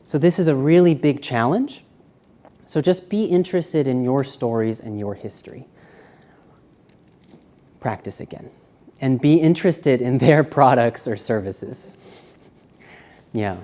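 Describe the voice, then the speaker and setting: Animated male seminar presenter. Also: mid-range voice, measured pace, long pauses. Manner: animated, shifting between quiet and loud. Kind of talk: live seminar lecture. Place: university seminar room.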